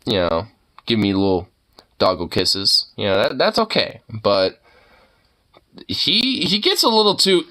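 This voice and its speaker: A man's voice: lowish voice, sing-song, a little slow, pauses often, sharp tone. A man in a casual reaction vlog, rambling and slangy, cursing freely. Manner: rambling, slangy, swears a lot.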